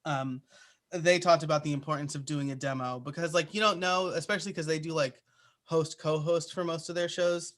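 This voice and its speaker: A man's voice: fairly high pitch, fairly even intonation, a little fast, fairly bright tone. A man answering interview questions in a casual, chatty way, with plenty of "uh" and "like" fillers. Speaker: podcaster guest.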